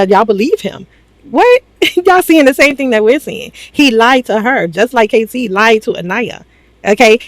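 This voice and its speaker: A woman's voice: fairly low pitch, no room sound. A woman recapping a reality show in casual, sassy commentary, laughing often and swearing freely.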